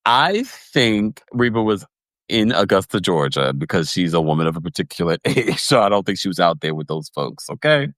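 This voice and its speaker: A man hosting a livestream podcast recap, chatty and animated, laughing often and reading viewers' comments. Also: low-pitched, moderate pace, dry recording. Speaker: podcast host recapping reality TV.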